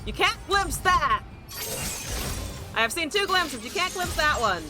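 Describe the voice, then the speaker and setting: Over music, a woman with a very high-pitched, very animated voice streams a card game, talking a little slowly with long pauses. She rants and swears heavily at her opponents, sounding exasperated as she plays.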